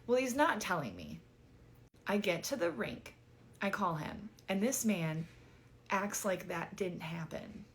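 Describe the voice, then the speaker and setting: A woman's voice: on the low side, very animated, a little slow. A woman vlogger telling a dating story in a chatty, exasperated way, full of "like" and casual swearing.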